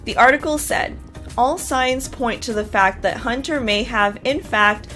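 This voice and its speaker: A woman's voice: fairly high pitch, a little slow, a bit bright, soft background music. Chatty woman recapping a TV show. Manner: chatty, opinionated, lots of fillers. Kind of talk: casual TV recap and reaction.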